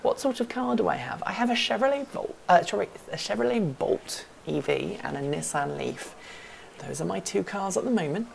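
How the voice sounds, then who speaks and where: A woman with a very low, heavily gravelly voice hosts a relaxed livestream from an office. She rambles, thinks out loud and picks up chat questions one after another, over a faint hiss. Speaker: host of a livestream hangout. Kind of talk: casual live-stream chat.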